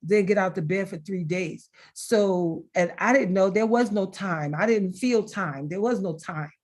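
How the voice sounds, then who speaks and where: A middle-aged woman shares personal stories over a video call. She speaks expressively and warmly in tone, with a mid-range voice, and she often breaks into laughter. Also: mid-range voice, a little slow. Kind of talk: heartfelt conversational storytelling.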